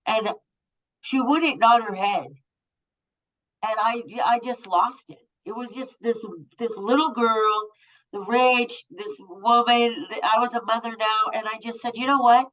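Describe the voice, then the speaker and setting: A woman's voice: a little high, steady tone, a little slow, a bit bright. Woman in her fifties, blunt and profane, candid storytelling, muffled sound. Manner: blunt, profane, emotionally raw. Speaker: guest.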